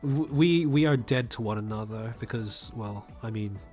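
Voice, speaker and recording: Faint music plays behind a young man with a polished Australian accent who reads chat and chats casually during his livestream. His voice is medium-pitched and darkish in tone at normal speed, and he rambles and laughs a lot, repeating words as sentences begin but enunciating crisply.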